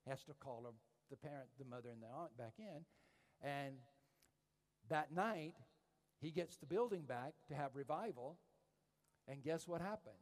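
A man's voice: a little high, expressive, normal speed. Male preacher, sermon delivery, slightly raised voice, long hall reverb, dynamic storyteller. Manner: storytelling preacher, swinging from hushed to loud and emphatic.

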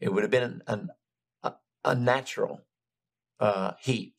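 An older man preaching a sermon, retelling a story in an animated, building way with frequent restarts. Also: lowish voice, a little slow, vocal fry.

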